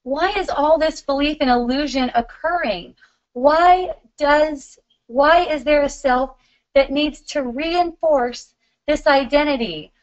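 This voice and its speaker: A middle-aged woman hosting a live spiritual question-and-answer stream, talking in a warm, giggly, loving way. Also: high voice, slow pace, highs cut off.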